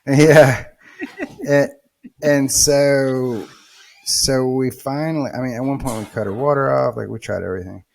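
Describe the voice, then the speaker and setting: A man's voice: mid-range voice, measured pace, creaky. A man, a podcast guest and real estate investor, telling a story casually, swearing and acting out quotes. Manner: animated, swearing, acts out quotes.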